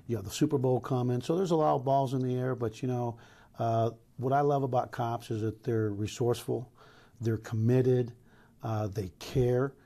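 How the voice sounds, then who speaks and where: Middle-aged man, police chief, dark voice, gravelly, earnest and emphatic. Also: mid-range voice, fairly even intonation, moderate pace. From Los Angeles, US. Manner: earnest, emphatic, talks through many restarts. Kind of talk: news interview answers.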